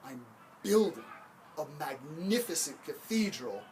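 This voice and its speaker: A man's voice: fairly high pitch, big pitch swings, unhurried, a little mellow, a little hiss or hum. A man voicing an inspired builder who speaks with fervent emphasis. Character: devoted male builder, rapt and inspired.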